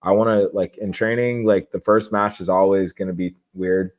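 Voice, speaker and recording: A man's voice: deep voice, fairly even intonation, normal speed. A young man as a podcast guest, talking candidly and casually about how he prepares for competition, with rambling restarts. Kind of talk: casual interview talk.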